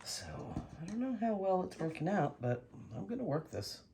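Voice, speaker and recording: A woman vlogging casually while she paints, excitable and talking to herself and her dog. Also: fairly low pitch, moderate pace, gravelly, slight background noise. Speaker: acrylic pour painting vlogger.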